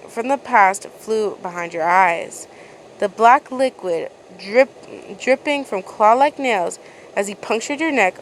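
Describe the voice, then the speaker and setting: A woman's voice: mid-range voice, slight background noise, rough recording. Casual woman reading a story aloud. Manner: casual reading, frequent stumbles and restarts. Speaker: fan fiction reader.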